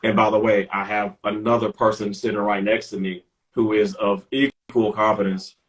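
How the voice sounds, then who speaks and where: A man's voice: fairly low pitch, flat delivery, moderate pace, rough recording. A middle-aged man from Memphis, an airline captain talking carefully and precisely in a casual interview. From Memphis, Tennessee. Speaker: airline captain, retired Navy officer. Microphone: video call.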